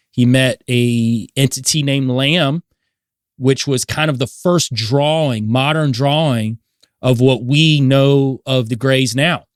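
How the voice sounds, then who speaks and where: A man in a casual podcast chat, briskly running through a string of facts. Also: medium pitch, no room sound, studio quality. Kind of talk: casual chat, explaining history.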